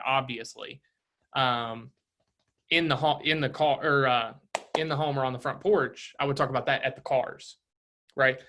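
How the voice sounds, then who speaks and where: A man's voice: medium pitch, bright, forceful tone. A man leading a casual real estate training session, coaching with rhetorical questions and a frequent "right?".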